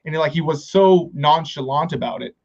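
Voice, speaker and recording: A man's voice: on the high side, fairly quick. Male podcast host, loose and profane, stumbling restarts, slightly dull audio. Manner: rambling, profane, many restarts. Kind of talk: casual chat.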